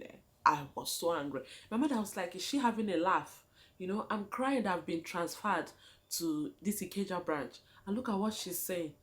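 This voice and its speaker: A young woman with a Nigerian accent telling a personal story on her vlog in an animated, dramatic way, often calling her viewers guys. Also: on the low side. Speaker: vlogger.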